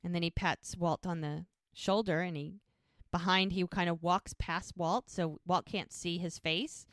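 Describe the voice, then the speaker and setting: A woman's voice: lowish voice, steady tone, unhurried, no room sound, studio quality. Chatty woman recapping a show. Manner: retells scenes by quoting characters with "he's like". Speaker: podcast co-host. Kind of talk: casual recap chat.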